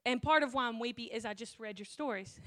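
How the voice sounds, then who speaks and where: A woman pastor preaches with a high, bright voice. She talks emotionally and sounds weepy at times. Her voice rises to near-shouting passion. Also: fast talker. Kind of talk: sermon.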